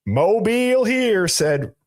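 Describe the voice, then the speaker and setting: A man's voice: high voice, very animated, slow pace. A man hosting a casual live stream, reading out viewer names from the chat with loose, jokey asides. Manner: greets viewers by reading chat usernames aloud. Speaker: livestream host.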